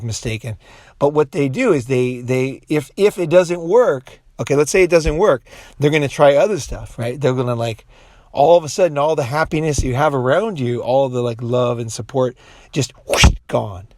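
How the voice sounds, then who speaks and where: A man's voice: mid-range voice, darkish tone, dry recording. Profane, rambling man with a dry sound. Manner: profane, rambling, with many restarts and put-on quoted voices. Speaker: commentator. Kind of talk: casual monologue.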